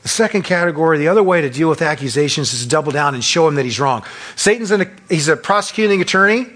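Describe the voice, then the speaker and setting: A man preaching a sermon as pastor, acting out quick voices of the accuser and of self-righteous churchgoers. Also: fairly high pitch. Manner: acts out voices of Satan and churchgoers, animated.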